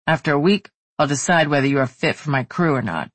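A narrator voicing a stern male crew boss of bear shifters who gives short, clipped orders in a lowered, husky voice. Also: lively intonation, fast talker, fairly bright tone, no room sound. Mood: testing.

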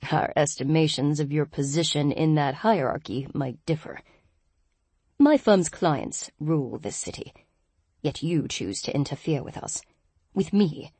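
A woman narrator voicing an arrogant male guild boss who speaks with a crisp English accent and a quiet, menacing sneer. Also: deep voice, animated, a little slow, no room sound, exaggerated voice.

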